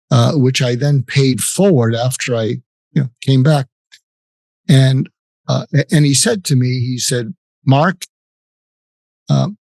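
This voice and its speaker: An older man, a psychiatrist, recounting a personal story in an interview, reflective and halting with restarts. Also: mid-range voice, a little mellow, no echo.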